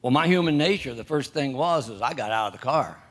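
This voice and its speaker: An older man preaches, telling a story from his own life in a halting, restarting way and clearing his throat often. His voice sits at a middle pitch. When he reads scripture it rises and grows louder. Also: expressive. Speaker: pastor. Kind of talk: sermon.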